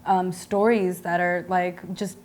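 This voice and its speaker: A woman's voice: fairly low pitch, little pitch movement, takes it slowly, a little mellow. Candid young woman with an American accent. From Pakistan. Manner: candid, emphatic, swears, uses "like" a lot. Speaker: actress, guest. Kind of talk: casual interview chat.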